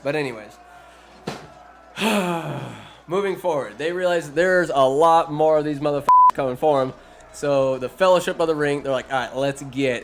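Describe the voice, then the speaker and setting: Crude, sarcastic man recapping a movie. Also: mid-range voice. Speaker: podcast host.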